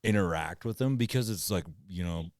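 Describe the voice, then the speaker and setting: A man's voice: deep voice, lively intonation, a little fast, a little mellow, no echo, clean studio sound. A man co-hosting a casual podcast, laid-back and cursing casually. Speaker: podcast co-host.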